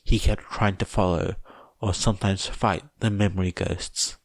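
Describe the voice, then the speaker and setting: A man reading fan fiction aloud as a podfic narrator, in a measured, even way. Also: deep voice, gravelly, dry recording. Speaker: podfic reader.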